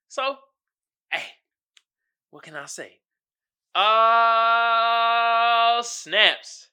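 A man's voice: extremely high pitch, very slow, pauses often, bright, forceful tone, clean tone. A man hosting his own podcast, talking casually in slangy commentary and often asking "you feel me.". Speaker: podcast host.

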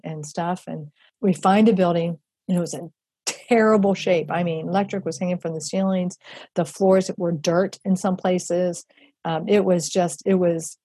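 Guest: middle-aged woman, mellow husky voice, dry close sound, emotional storyteller who restarts often. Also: fairly low pitch, no room sound. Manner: tearful storyteller, many restarts. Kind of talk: personal faith story.

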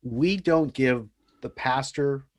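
A man with a mid-pitched voice tells stories in a casual podcast conversation. He is animated and earnest as he talks. The sound is dry and close. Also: takes it slowly, no room sound. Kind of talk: casual podcast chat, storytelling.

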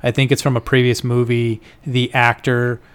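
A man's voice: medium pitch, level tone, moderate pace, smooth. Casual swearing podcast co-host man. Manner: loose and profane, lots of "like". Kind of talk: casual chat.

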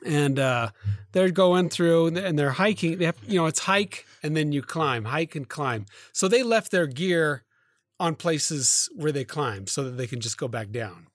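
Casual podcast co-host, male, slightly higher voice, rambling storyteller, dry close sound. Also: lively intonation, no echo. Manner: rambling, halting retelling with many fillers and self-corrections.

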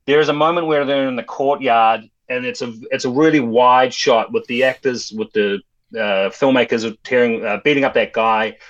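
A man's voice: mid-range voice, moderate pace, fairly bright tone, lo-fi sound. A man on a film podcast, rambling enthusiastically in casual discussion.

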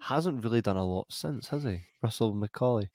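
A Scottish man co-hosting a podcast, chatting about a film in a relaxed way and laughing a lot. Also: fairly low pitch, fairly quick, no echo, clean studio sound. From Scotland. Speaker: podcast co-host. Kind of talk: casual film chat.

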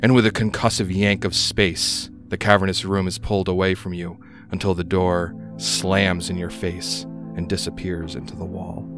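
A man's voice: low voice, level tone, moderate pace, over music. A man narrating as game master, reading room descriptions with frequent "uh" hesitations.

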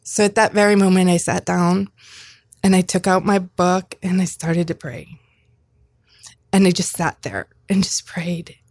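A woman in her fifties tells a personal story as an interview guest, with a gravelly, creaky edge to her voice. She speaks earnestly, often restarting and repeating herself. The recording is dry and close, with no room sound. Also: on the low side, measured pace, darkish tone, dry recording. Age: 50s. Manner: earnest, with frequent restarts and repetitions.

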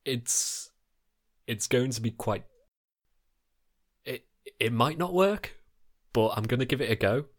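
A man's voice: mid-range voice, animated, takes it slowly, long pauses. A man playing in a tabletop game, a bit hesitant and laughing often. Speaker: player.

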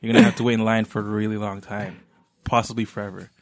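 A man's voice: on the low side, flat delivery, fast talker, no room sound. A man hosting a casual podcast, upbeat and joking, laughing often with his co-hosts. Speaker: podcast host.

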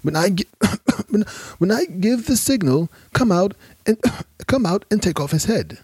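A man voicing a feverish dying man who coughs through his words, raspy and urgent. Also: high-pitched, big pitch swings, a little slow, a little mellow, no echo, pitched above the performer's own voice, exaggerated voice.

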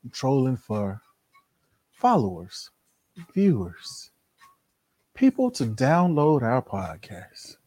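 Lively, teasing podcast co-host man. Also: mid-range voice, slow, pauses often, no echo. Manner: loud, teasing, repeats questions for effect. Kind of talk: casual podcast banter.

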